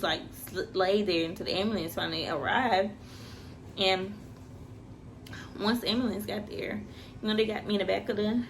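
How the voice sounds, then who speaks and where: A young woman telling a personal story in a casual, animated way, jumping high for quoted voices and dropping to a hush in tense moments. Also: a little hiss or hum. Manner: animated, acts out quoted voices with big pitch jumps.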